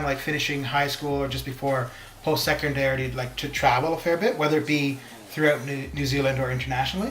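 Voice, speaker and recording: A man's voice: medium pitch, a bit bright. Rambling male streamer in a roomy space. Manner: rambling, chatty storytelling with frequent restarts. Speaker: game streamer. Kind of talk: casual chat while streaming a game. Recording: roomy with background music. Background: stream background music.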